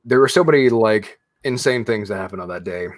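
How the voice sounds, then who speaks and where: A man's voice: on the low side, lively intonation, a little fast, dry recording. A young man co-hosting a podcast, telling stories in a laid-back, casual way. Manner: laid-back storytelling with frequent laughs. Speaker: podcast co-host. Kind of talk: casual chat.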